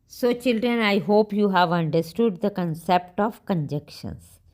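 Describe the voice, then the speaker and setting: Slow, patient woman teacher. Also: medium pitch, darkish tone. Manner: slow, patient, repeats sentences and spells words out. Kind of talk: slow classroom lesson for young children.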